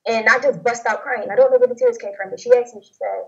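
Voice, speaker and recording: A young woman tells her personal story in a fairly high voice, halting and rambling with lots of fillers and restarts. The audio is dull and lo-fi, like a muffled recording. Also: big pitch swings, darkish tone. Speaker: guest sharing testimony. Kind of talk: personal testimony interview.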